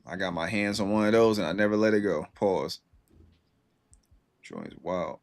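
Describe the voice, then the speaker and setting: A young man talks loosely to his stream viewers, slangy and unhurried. His voice sits a little low, and he comes through a close computer mic. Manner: laid-back slangy storytelling, reacting to chat. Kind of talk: casual chat with stream viewers.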